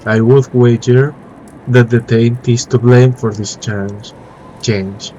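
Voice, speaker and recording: A man with a flu-stuffed nose reading out a formal, learned young male scholar's game dialogue in a plain, slightly halting voice. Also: mid-range voice, flat delivery, mellow, muffled recording, faint music behind, lightly acted. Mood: earnest.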